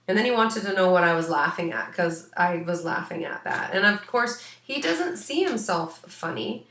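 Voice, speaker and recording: A woman's voice: medium pitch, unhurried, bright, forceful tone, echoey room. A woman working as an animal psychic, giving a rambling, casual reading full of fillers. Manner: rambling, many fillers, chatty. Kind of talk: casual spoken reading for a client.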